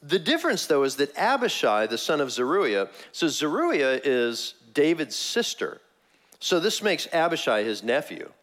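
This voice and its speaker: A man preaching a sermon, telling the story with animated energy and frequent laughs. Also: a little high, moderate pace. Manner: animated storytelling, laughs often, acts out quotes. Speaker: pastor.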